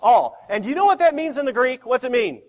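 A man preaching a sermon as pastor, with dramatic swings between quiet and loud. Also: extremely high pitch, animated, fast talker. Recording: long hall reverb.

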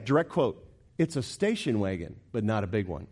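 Animated man preaching a sermon. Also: lowish voice, normal speed, noisy background. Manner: animated storyteller, jokes with congregation, acts out quotes. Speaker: pastor.

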